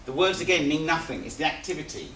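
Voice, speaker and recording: A man's voice: a little high, expressive, fast talker, a bit bright. A man teaching a live seminar in a conversational, repetitive way, often restating his points. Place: seminar room. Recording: echoey room, distant mic, faint hiss.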